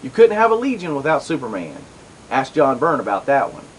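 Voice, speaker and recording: Middle-aged male comics-show host, rambling and animated, casual commentary. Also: mid-range voice, a little fast, a little hiss or hum, low-quality recording. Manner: rambling, chatty, full of asides and restarts.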